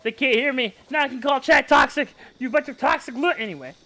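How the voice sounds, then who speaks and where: A man live-streaming as a VTuber, chattering excitedly and bickering playfully with his chat, often yelping and shouting. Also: very high voice, brisk. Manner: frequent yelps and shouts. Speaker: VTuber livestreamer.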